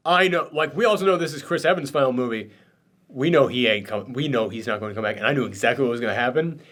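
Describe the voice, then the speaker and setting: A man's voice: medium pitch, quick pace, fairly bright tone. A man hosting a spoiler discussion, emotional and choked up, gushing and swearing freely as he talks. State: tearful, choked up. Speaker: host.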